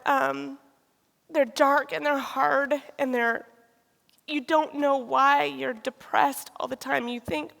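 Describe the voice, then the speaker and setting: A woman tells a confessional personal testimony, often pausing and restarting. Her voice sits a little high and has a gravelly edge. The long reverb of a large hall trails behind her. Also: fairly bright tone. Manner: candid and confessional, with frequent pauses and restarts. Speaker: speaker sharing a personal testimony.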